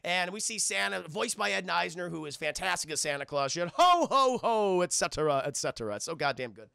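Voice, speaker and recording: A man's voice: on the high side, quick pace, creaky, pushed and bright, dry recording, studio quality. A man recapping a film on a live stream, rambling and profane, talking to his chat.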